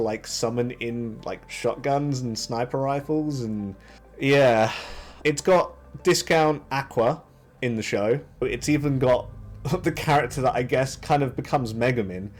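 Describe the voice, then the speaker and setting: A young man reviews shows in a loose, talkative way, his pitch rising and dropping freely. He stops and restarts sentences often. Faint music plays quietly under his voice. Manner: lively, chatty, frequent restarts and fillers. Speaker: anime reviewer. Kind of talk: casual commentary.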